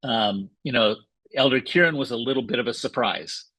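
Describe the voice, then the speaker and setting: Male podcast co-host, husky voice, dry close sound, earnest and eager. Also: medium pitch, sharp tone, no room sound. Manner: earnest and enthusiastic, halting with fillers. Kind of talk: casual chat.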